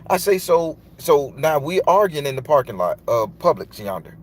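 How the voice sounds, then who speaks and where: A man's voice: fairly high pitch, expressive, normal speed, slight background noise. A man, a tarot reader telling a long, loose, profane story in casual monologue. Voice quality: loose, profane, emphatic delivery.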